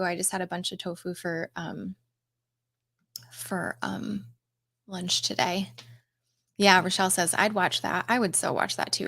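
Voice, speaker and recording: A woman's voice: mid-range voice, a bit bright. A middle-aged woman hosting a casual livestream from home, chatting with viewers with lots of ums and laughs. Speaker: coach and livestream host.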